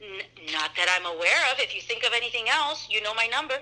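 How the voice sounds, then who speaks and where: Upbeat woman voice actor guest, very bright and slightly high, expressive, chatty. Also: fast talker, low-quality recording. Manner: animated and expressive, drops in Spanish words. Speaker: voice actor and dancer, podcast guest. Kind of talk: casual interview chat.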